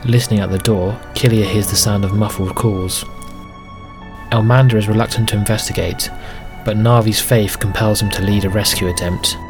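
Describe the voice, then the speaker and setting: A man with a low voice narrates his tabletop game as game master. His telling is steady and flat. Music runs clearly underneath. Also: moderate pace. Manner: steady, even storytelling.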